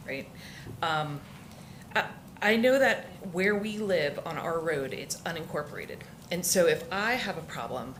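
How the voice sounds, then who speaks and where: A woman from Florida speaking during public comment at a village council meeting. She sounds emotional and halting, with many restarts. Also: deep voice, fairly bright tone, a little hiss or hum.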